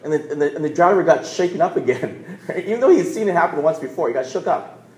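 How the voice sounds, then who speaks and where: A man's voice: on the high side, lively intonation, quick pace, darkish tone. A man, preaching a sermon in a conversational storytelling way. He often restarts words and checks in with "right?". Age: 40s. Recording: roomy echo.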